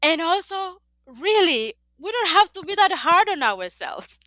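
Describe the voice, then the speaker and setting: As an interview guest, this middle-aged Dominican woman speaks earnestly and reflectively, laughing often, her Spanish accent marking her as a native Spanish speaker. Her very high-pitched voice is very animated yet unhurried, sharp in tone, with no echo.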